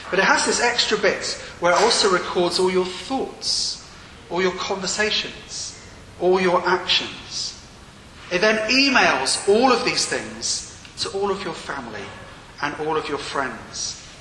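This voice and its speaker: A man's voice: a little high, bright, forceful tone. A man preaching a sermon in a church, earnest, with rising and falling emphasis. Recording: echoey hall with long reverb and faint room noise.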